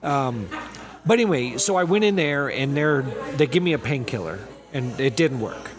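A man in casual chat, speaking in a relaxed, reflective way. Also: mid-range voice, moderate pace, over music.

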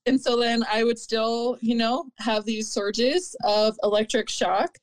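A woman in her thirties telling her own story in an interview, candid and earnest, pausing and restarting often. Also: fairly high pitch, fairly even intonation. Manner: halting, with frequent fillers and restarts. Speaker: interview guest.

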